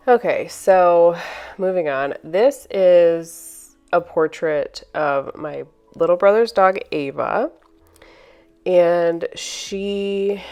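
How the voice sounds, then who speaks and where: Woman vlogger with a low voice, voiceover for a painting video, soft-spoken, a little teary and halting, light music under her. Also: smooth. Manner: emotional, halting, with sighs and restarts.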